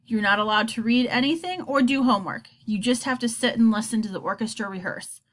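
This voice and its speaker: A woman reading a children's novel aloud, telling the story in an expressive first-person voice. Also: on the high side, brisk. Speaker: audiobook reader.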